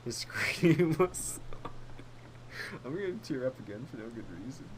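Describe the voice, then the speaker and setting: Male gamer, casual commentary, jokey and giggly, lively pitch, faint background noise. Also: measured pace, poor audio. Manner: joking, banters at game characters, giggly. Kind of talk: casual live gameplay commentary.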